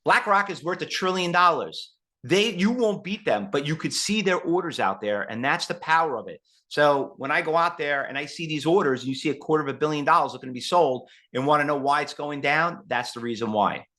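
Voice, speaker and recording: A man teaching a live trading webinar in an animated, rambling way. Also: on the high side, fairly quick. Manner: animated and rambling, acts out quotes. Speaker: trading educator.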